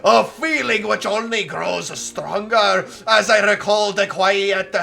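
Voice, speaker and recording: Streamer putting on a gruff sea-captain narrator. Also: mid-range voice, soft background music, voice pushed up, heavily acted. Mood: dramatic. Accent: put-on Scottish-tinged pirate. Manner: loud, slow, dramatic storybook reading. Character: young male game hero, in a rough old sea-captain voice. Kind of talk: reading game text aloud in a put-on voice.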